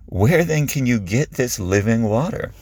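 A man's voice: on the low side, moderate pace, no echo, studio quality, lightly acted. A man voicing a puzzled Samaritan woman at a well, asking incredulous questions in a raised voice.

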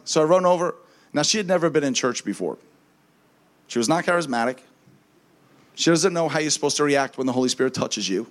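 A man preaching as a minister, telling a lively testimony story and acting out the voices of the people in it, often with a laugh. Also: a little high, fairly quick, long pauses. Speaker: traveling minister.

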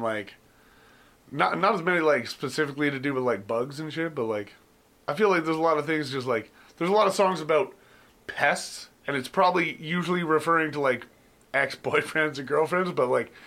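Bright-voiced laid-back man host. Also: fairly high pitch. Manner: laid-back, swears a lot, laughs often. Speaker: podcast host. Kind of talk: casual chat.

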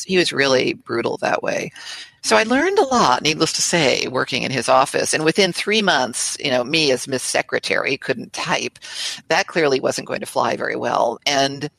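An older woman recounting her career as an interview guest, in a lively, anecdotal way with quoted voices. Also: sits low, vocal fry, no echo. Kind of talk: storytelling in conversation.

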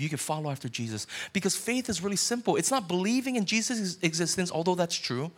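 A man, a pastor, preaching a sermon in an earnest way and putting questions straight to his listeners. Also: on the high side.

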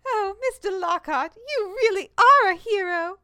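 A fawning, starstruck young witch, as a woman puts her on, squeaky high and swooping wildly with excitement. The sound is bright and dry, close to the mic. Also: measured pace, no room sound, full character voice. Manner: breathless, gasping, fawning. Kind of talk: comedic parody ad in a game.

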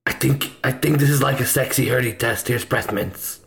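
A player making slow, crude wisecracks at a tabletop game. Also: mid-range voice, gravelly. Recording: loud noisy, echoey room.

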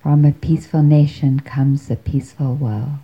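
A woman voicing a gentle, serene male monk teacher in a calm, unhurried way. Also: deep voice, highs cut off.

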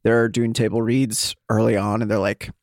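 Gravelly joking podcast man. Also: lowish voice, flat delivery, normal speed, a little mellow, no echo, clean studio sound. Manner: joking, rambling banter. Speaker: podcast co-host. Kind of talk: casual chat.

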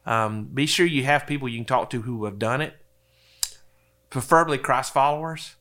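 A man talks in a relaxed, folksy way. He tells stories and chuckles often. His voice sits at an ordinary middle pitch. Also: normal speed. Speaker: insurance advisor guest. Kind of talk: casual storytelling interview.

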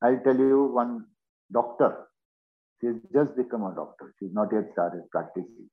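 A man's voice: medium pitch, a little slow. Man on a tinny call. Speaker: interview guest. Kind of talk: earnest conversational storytelling. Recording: tinny phone-like call audio.

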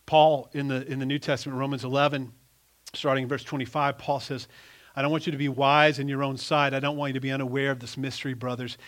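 A middle-aged male pastor preaching a sermon, emphatic and animated, often restarting his sentences. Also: mid-range voice, fast talker.

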